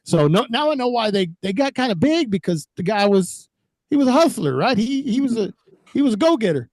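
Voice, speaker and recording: A man from Texas, a guest on a video call, telling stories in a profane, animated way. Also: high-pitched, fairly quick, no room sound. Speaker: guest, former record label owner. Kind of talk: casual chat on a video call.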